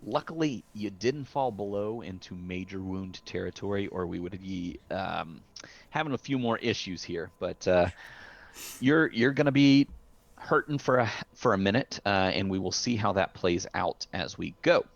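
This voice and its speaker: Low-voiced halting game master. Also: male voice, expressive, vocal fry. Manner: hesitant, many fillers and restarts. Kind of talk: narrating a tabletop game. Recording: dull lo-fi sound.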